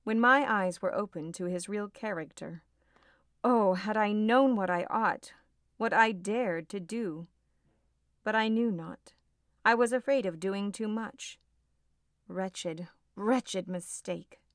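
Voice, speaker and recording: A woman's voice: medium pitch, slow, dry recording, lightly acted. A woman reading an audiobook voices a distraught young woman, agitated and close to tears. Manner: agitated, tearful pleading.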